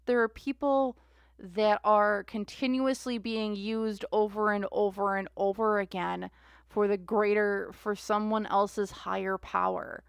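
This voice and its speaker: A woman's voice: mid-range voice, steady tone, a little slow, vocal fry, clean tone, no room sound, clean studio sound. A woman doing a live-stream tarot reading, musing aloud with many restarts and fillers. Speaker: tarot reader.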